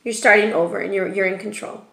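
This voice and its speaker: A woman's voice: mid-range voice, steady tone, fast, creaky, heavy background noise. A woman giving a casual tarot reading, chatty and profane, often ending remarks with "okay?". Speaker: tarot reader. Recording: roomy echo.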